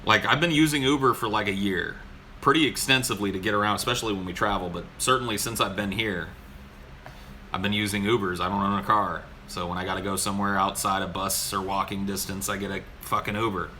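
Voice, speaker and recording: A man's voice: lowish voice, steady tone, fast talker, pushed and bright, a little hiss or hum. A man co-hosting a podcast, telling a story in a casual, exasperated way, swearing often. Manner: profane, exasperated. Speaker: podcast co-host.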